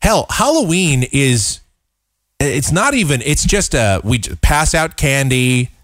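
Sarcastic talk host, lively pitch. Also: male voice, slow, no echo, clean studio sound. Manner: exasperated, sarcastic, rambling with restarts. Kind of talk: opinion commentary.

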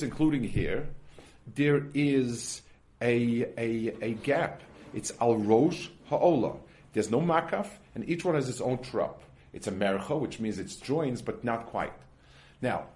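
A man gives a Torah lesson in a mid-pitched voice, working through his points slowly with plain examples. He often stops and restarts his sentences as he thinks aloud. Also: darkish tone. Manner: halting, with frequent restarts and worked examples. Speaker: Torah teacher. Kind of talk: explanatory religious lecture.

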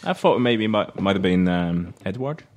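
Deep-voiced Norwegian man. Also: expressive, normal speed. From Norway. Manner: hesitant, considered. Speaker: podcast panelist. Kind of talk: casual football chat.

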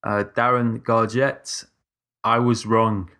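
A man's voice: fairly low pitch, little pitch movement, bright, forceful tone. A man co-hosting a casual podcast, reading out listener messages. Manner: reads listener messages out slowly. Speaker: podcast co-host.

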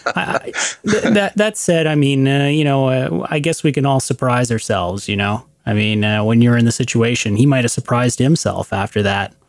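A man's voice: mid-range voice, normal speed, dry recording, studio quality. A man hosting a casual interview, asking rambling questions full of fillers. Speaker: podcast host.

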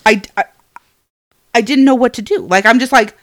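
A woman's voice: on the high side, normal speed, fairly bright tone, no echo, studio quality. A woman in her thirties, a podcast co-host and parent, telling a story in casual chat and acting out the quotes with animation. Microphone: podcast microphone.

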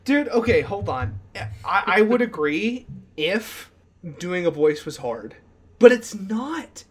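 Excitable man with a higher voice. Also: slow, slightly rough. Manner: animated, excitable, many restarts and "like" fillers. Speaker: podcast co-host. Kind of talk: casual chat.

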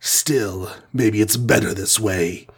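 A man voicing a cruel, mocking alien villain in a storybook reading, with a husky voice. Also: fairly low pitch, slow, exaggerated voice. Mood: gloating. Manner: commanding, mocking. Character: sinister alien male villain, gloating and cruel.

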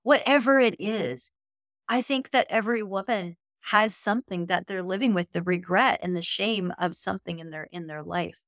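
A woman's voice: mid-range voice, normal speed, a bit bright, no room sound, clean studio sound. Earnest encouraging woman speaker. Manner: earnest, encouraging, grows emphatic. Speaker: guest, Christian speaker and author. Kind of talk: faith podcast interview.

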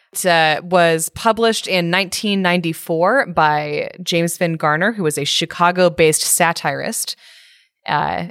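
Chatty woman with a lowish voice. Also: fairly bright tone, no echo, clean studio sound. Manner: chatty, amused. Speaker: podcast co-host. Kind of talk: casual chat.

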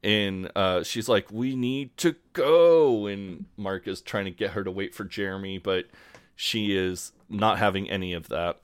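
Male podcast co-host, low voice, dry close mic, laid-back recap with fillers. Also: moderate pace, clean tone, dry recording. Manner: relaxed, many fillers, acts out quotes. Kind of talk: casual chat recapping a show.

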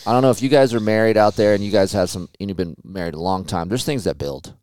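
A man in his forties hosting a podcast, telling stories in a casual, animated way with plenty of swearing. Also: lowish voice, fast talker. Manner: animated storytelling with profanity. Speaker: podcast host. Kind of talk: casual chat.

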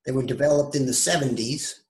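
A man, a psychotherapist and interview guest, explaining his approach and pausing often to find his words. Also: mid-range voice, steady tone, darkish tone. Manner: explanatory, pauses to search for words. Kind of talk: interview answers.

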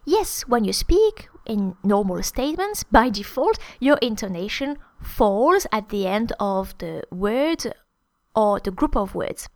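A woman's voice: a little high, sing-song, unhurried, darkish tone, no echo. A woman hosting a podcast language lesson, explaining at length with many hesitant fillers. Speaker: French teacher, podcast host.

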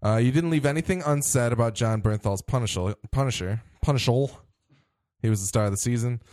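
A man's voice: medium pitch, fast, a little mellow, dry recording, clean studio sound. A man hosting a casual podcast chat, reading listener mail aloud with a ready laugh. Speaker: podcast host.

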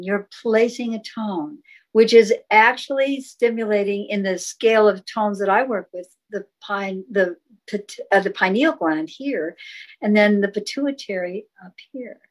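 A woman's voice: medium pitch, poor audio. A woman guest in a talk conversation, explaining sound healing in an encouraging, flowing way and demonstrating chanted tones. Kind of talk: casual interview talk.

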